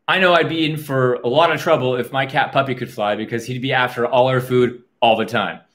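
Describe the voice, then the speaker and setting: A man reading a picture book aloud to children, pausing for chatty asides to his young listeners. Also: medium pitch, steady tone, a bit bright. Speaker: children's storyteller.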